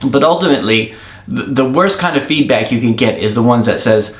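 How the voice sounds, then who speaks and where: A man's voice: mid-range voice, brisk. A man hosting his own daily show as an indie app developer, thinking aloud in a casual, rambling monologue. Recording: roomy echo.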